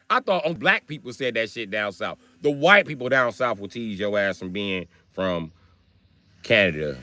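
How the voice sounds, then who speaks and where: A man's voice: lowish voice, animated, normal speed, no room sound. A young man from Wisconsin with a Wisconsin accent, telling a profane story on a livestream and acting out every quote. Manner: profane, swings into loud acted quotes. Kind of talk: animated storytelling.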